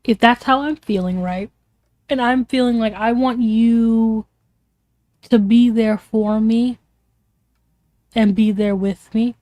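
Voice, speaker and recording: A woman's voice: a little high, steady tone, takes it slowly, pauses often, mellow, dry recording. A young woman streamer venting in a casual, rambling way, emotional and swearing often.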